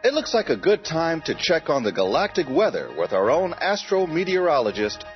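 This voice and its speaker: A man playing a genial news anchor in a spoof newscast, with a smooth, bright newsreader delivery. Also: fairly high pitch, big pitch swings, moderate pace. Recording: dull lo-fi with faint music.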